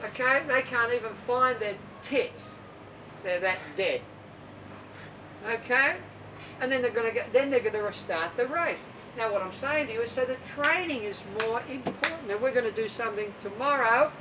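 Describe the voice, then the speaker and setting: A woman's voice: on the high side, fairly bright tone, distant mic, dull audio, a little hiss or hum. A woman coaching swimmers in an informal talk, blunt and emphatic, mocking fussy training plans. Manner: blunt, emphatic, mocks other coaches' methods. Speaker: swim and triathlon coach.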